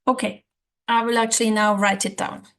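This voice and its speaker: A woman's voice: fairly high pitch, level tone, moderate pace, a bit bright. A woman hosting a casual language-learning tutorial, chatty and thinking aloud, with a light laugh. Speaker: language-learning video host. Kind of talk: casual tutorial talk to camera.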